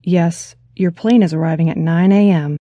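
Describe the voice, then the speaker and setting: A man's voice: on the high side, fairly even intonation, normal speed, no room sound, lo-fi sound, lightly acted. A woman reading a worried young brother on the phone. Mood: reassuring. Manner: urgent, puzzled, earnest. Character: worried young man, her brother, calling from abroad. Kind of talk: audiobook character voice.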